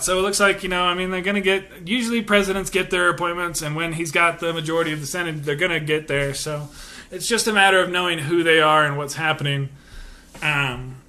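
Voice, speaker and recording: A young man hosts a podcast with loose political commentary. His voice sits a little high and sounds bright and forceful. He rambles and circles back with fillers and restarts. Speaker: podcast host.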